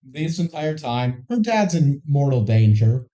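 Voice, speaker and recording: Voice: medium pitch, very animated, measured pace, warm tone. A podcast co-host chatting casually about a movie, making dry, skeptical remarks about its plot holes.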